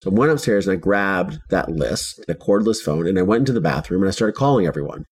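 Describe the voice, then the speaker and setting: A man's voice: deep voice, lively intonation, fast talker, breathy edge. A man from Ohio telling a personal story in the first person, blunt and intense, swearing freely. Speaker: podcast guest telling his story.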